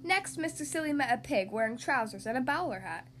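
Woman reading children's stories aloud, high voice, expressive; faint background hiss. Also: fairly quick. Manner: expressive, animated storytelling. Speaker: podcast host and story reader. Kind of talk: children's story read-aloud.

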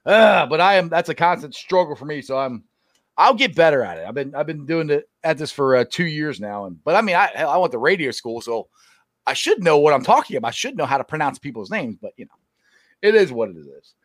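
A man hosting a casual sports talk show, animated and quick to laugh at himself. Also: a little high, dry recording, clean studio sound. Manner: animated, laughs often, self-deprecating.

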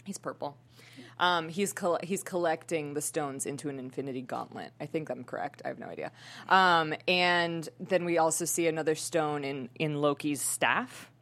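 A woman's voice: low-pitched, moderate pace, fairly bright tone. A young adult woman hosting a casual entertainment news chat, talking chattily with lots of giggles and fillers. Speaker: show host.

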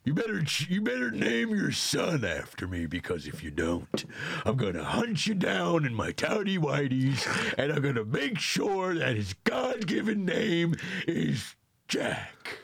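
A man doing a menacing, drawling impression of a famous actor, threatening and ending in a shout. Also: fairly high pitch, wildly swooping pitch, unhurried, gravelly, slightly rough, dry recording, voice pushed up, exaggerated voice.

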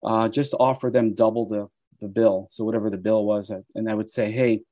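A man in his sixties from the United States, a guest telling animated stories in an interview. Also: fairly low pitch, fairly quick, dry recording. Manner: animated storyteller who acts out quoted voices. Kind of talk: storytelling interview.

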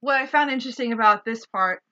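A woman co-hosting a casual podcast chat, sarcastic and quick to swear and laugh. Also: a little high, bright, forceful tone, highs cut off. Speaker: podcast co-host.

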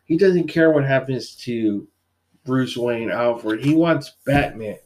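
Mellow-voiced man retelling a story. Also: mid-range voice, slow. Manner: animated retelling with many fillers. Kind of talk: casual comic book discussion.

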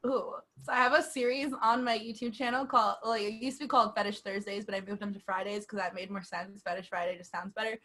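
A woman's voice: medium pitch, fairly even intonation, fast, few pauses, a bit bright. A woman in casual chat, talking with lots of fillers and frequent giggles.

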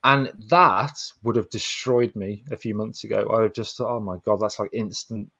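A man's voice: lowish voice, fairly even intonation, normal speed, bright, forceful tone, breathy edge, no room sound. A man co-hosting a podcast, giving earnest, practical advice in casual chat with frequent restarts. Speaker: podcast co-host. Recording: dull, dry lo-fi sound.

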